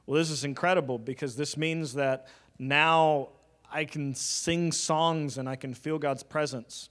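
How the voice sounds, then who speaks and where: A man's voice: a little high, fairly even intonation, unhurried, a bit bright. A man preaching a sermon in a conversational teaching style, with casual fillers and joking asides.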